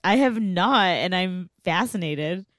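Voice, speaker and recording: Lowish woman's voice, dry close mic, emphatic podcast chat, swears. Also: lively intonation, slow pace, fairly bright tone, dry recording. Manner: emphatic, quotes characters, swears. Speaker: podcast co-host. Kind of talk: casual recap chat about a TV show.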